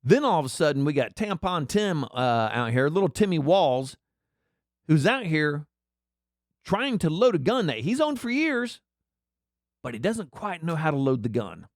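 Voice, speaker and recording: A man's voice: fairly high pitch, very animated, moderate pace, dry recording, studio quality. A man delivering a sarcastic, mocking political commentary rant. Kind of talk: ranting commentary.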